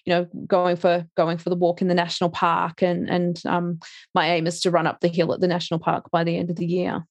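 A woman's voice: on the low side, monotone, brisk, no room sound. A middle-aged woman, chatting casually as an interview guest, laughing often and restarting her sentences. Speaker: interview guest, life coach.

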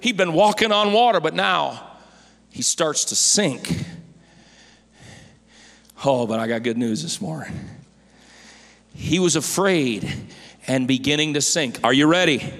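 A male pastor preaching a sermon in a church, impassioned and rising to shouted pleas. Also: a little high, animated, measured pace, gravelly, pauses often, in a large hall.

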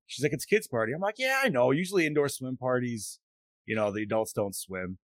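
Man, late 30s, podcast host, profane animated storyteller, dry close sound. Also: mid-range voice, quick pace, no room sound. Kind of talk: casual chat.

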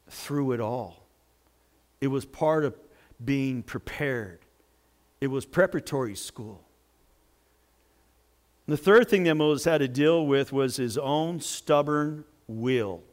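A male pastor preaching a sermon in a jokey, animated way, with sudden loud outbursts. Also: mid-range voice, takes it slowly, pauses often.

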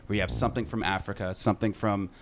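Fast-talking low-voiced man, upbeat guest. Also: steady tone, vocal fry, slight background noise. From San Diego. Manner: upbeat, punning, quick pitch talk. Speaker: brand ambassador guest. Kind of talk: casual podcast chat.

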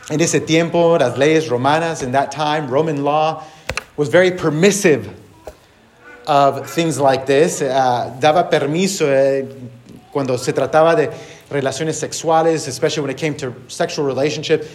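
A man's voice: on the high side, moderate pace. A pastor giving a sermon to a church congregation, switching line by line between English and Spanish, with wry sarcasm. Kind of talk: bilingual sermon, preaching in English and translating himself into Spanish.

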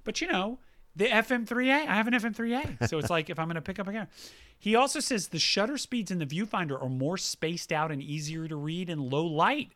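A man co-hosts a relaxed chat show and reads out listener mail, breaking in with quick comments of his own. His voice sits a little high and sounds bright and forceful. His pitch rises and falls a lot, so he sounds animated. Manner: reads emails aloud with asides, animated. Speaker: podcast co-host reading listener mail. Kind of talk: casual chat.

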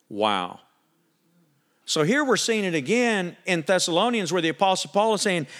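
A male preacher with a somewhat high voice delivers an animated sermon in a church. He punches his loud lines hard and then falls quiet and earnest. His delivery is emphatic throughout. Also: brisk.

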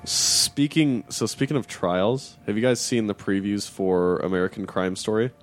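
A man's voice: lowish voice, moderate pace, darkish tone. A man co-hosting a casual chat, blunt and grumbling, swearing often. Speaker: podcast co-host.

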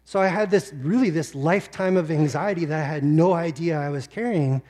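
A male pastor preaching a sermon, telling a personal story with deep emotion and sometimes close to tears. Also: a little fast, darkish tone.

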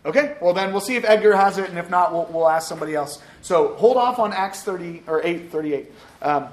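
A man's voice: high voice, fairly quick. A man teaching a Sunday school class, upbeat and joking as he calls on readers. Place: church classroom.

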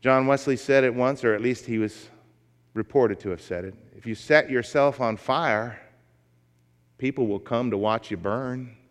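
A man's voice: medium pitch, normal speed. A male pastor delivering a sermon, emphatic and folksy as he tells a story. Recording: long reverb of a large hall.

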